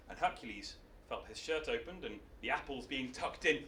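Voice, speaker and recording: Male stage storyteller, playful and animated; bright tone, distant mic in a roomy hall. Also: mid-range voice, normal speed, slight background noise. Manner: animated, playful, laughing asides. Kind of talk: live storytelling performance. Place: arts centre stage, live show.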